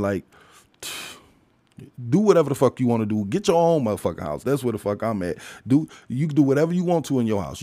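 A man's voice: fairly low pitch, mellow, no room sound. A man ranting in a casual monologue, blunt and emphatic, swearing heavily and firing rhetorical questions at listeners. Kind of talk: casual profane rant.

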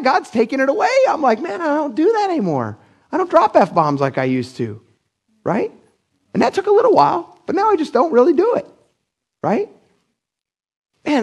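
In a church, a middle-aged Pennsylvania pastor delivers a casual, blunt sermon, his voice extremely high and slightly rough. He acts out the people he quotes with big leaps in his voice.

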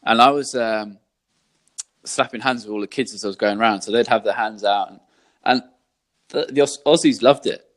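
A young man speaks in a low-pitched, relaxed voice. He tells his stories loosely on a podcast, full of fillers and the odd swear word. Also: moderate pace, long pauses. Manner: laid-back storytelling, frequent fillers and swearing. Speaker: athlete guest. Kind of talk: casual podcast chat.

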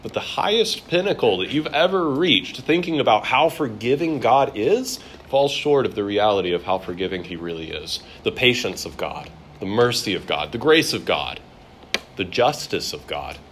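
A man's voice: fairly low pitch, expressive, normal speed, fairly bright tone, a little hiss or hum. A man teaching a classroom Bible lesson in a conversational way, acting out quoted voices.

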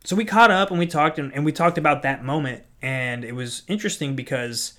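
A man's voice: on the high side, a little fast, sharp tone. A man in his thirties, an Army NCO and resilience instructor, telling a story in casual chat with lots of restarts and filler words. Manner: rambling, many restarts and filler "like". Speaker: Army non-commissioned officer and resilience course instructor.

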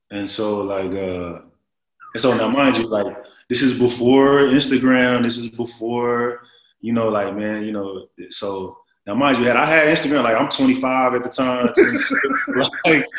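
A man in his forties spins a rambling anecdote for an interviewer. His delivery is animated and packed with fillers, set at an average pitch, and the voice carries a roomy echo around it. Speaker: interview guest. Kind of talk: casual storytelling.

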